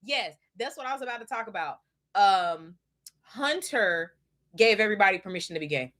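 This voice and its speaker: A woman hosting a casual podcast, telling a story in a gushing, profane way with loud squeals. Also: medium pitch, animated, normal speed. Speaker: podcast host. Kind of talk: casual chat. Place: home desk.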